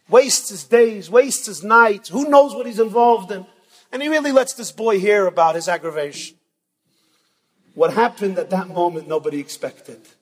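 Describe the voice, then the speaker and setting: High husky male preacher in a hall. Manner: dramatic, emphatic, swings between loud and soft. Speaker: rabbi speaker at a yeshiva event. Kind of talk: sermon with storytelling. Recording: long reverb from a large hall.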